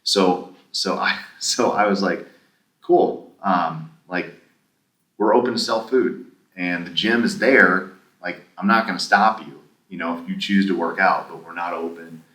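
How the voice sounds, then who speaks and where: A man's voice: sits low, fairly even intonation, measured pace, pushed and bright. A man casually telling a long story as a podcast guest, acting out both sides of the conversations he recounts. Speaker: podcast guest, former gym owner. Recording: echoey room, somewhat distant mic.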